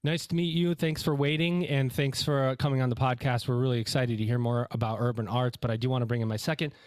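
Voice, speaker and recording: A man hosting a podcast interview, energetic and a little out of breath, quick with asides and fillers. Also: mid-range voice, clear, resonant tone, no echo. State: slightly out of breath. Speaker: podcast host.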